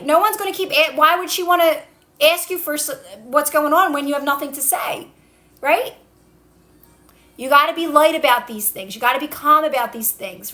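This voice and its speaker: High bright-voiced woman coaching calmly. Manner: coaching, repeats calming instructions, answers viewer comments. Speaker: manifestation coach. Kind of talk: casual TikTok live talk.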